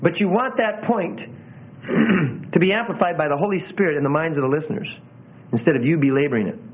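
An earnest man coaching preachers on delivery, his fairly high voice stressing words and pausing for effect. The sound is thin and tinny, like it's coming over a phone line. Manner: earnest, demonstrates emphasis and pauses with his own voice. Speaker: preaching instructor. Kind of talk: teaching talk on preaching.

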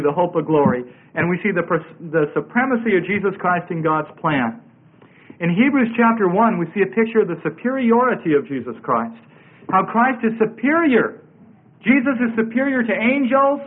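High-voiced preacher on tinny radio. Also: male voice. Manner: emphatic, repeats phrases and scripture references. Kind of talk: sermon. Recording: tinny narrow-band radio broadcast.

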